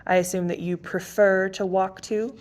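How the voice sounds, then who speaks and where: A man's voice: sits high, level tone, normal speed, natural voice. A woman reading aloud and voicing a teasing, amused hooded male rider in a cheerful, mocking tone.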